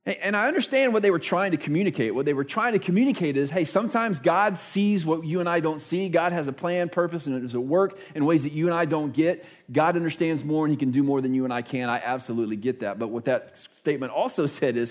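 Fast and expressive, a pastor whose voice sits on the high side preaches a conversational sermon. Earnest and plain-spoken, he frequently restarts his thoughts, repeating words, and dramatizes what people say by putting on voices.

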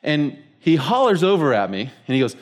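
Speaking at a moderate pace, this pastor tells his sermon like a casual story, using many fillers on the way to his point. His voice sits slightly high, with pitch that swings widely.

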